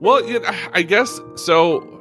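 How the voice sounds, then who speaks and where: A man's voice: high-pitched, measured pace, fairly bright tone, soft background music. A man co-hosting a podcast in casual chat, sarcastic and joking, laughing often as he talks. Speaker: podcast co-host.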